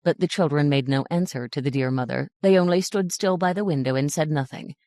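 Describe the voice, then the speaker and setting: A woman narrating a fairy tale audiobook in a measured, gentle reading. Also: low-pitched, no room sound, studio quality. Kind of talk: scripted storybook narration.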